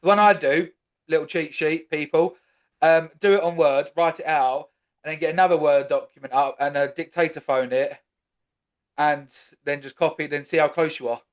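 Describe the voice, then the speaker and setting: A man's voice: on the high side, fairly even intonation, moderate pace. A man hosting a comedy podcast who chats casually and jokes around, swearing now and then and restarting his sentences. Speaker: podcast host. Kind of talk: casual chat.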